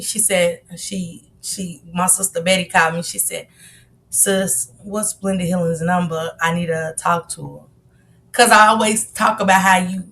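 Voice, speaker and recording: A woman's voice: on the low side, a bit bright. A woman hosting a casual livestream while sick with a cold, greeting her viewers by name in sisterly chatter. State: sick with a cold, coughing and sneezing. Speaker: livestream host.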